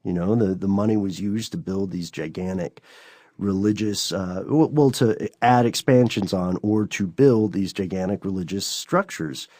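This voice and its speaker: A man's voice: low-pitched, normal speed, warm tone, no room sound, clean studio sound. A man co-hosting a podcast in casual chat, talking loosely and checking in with "you know" and "right?". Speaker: podcast co-host.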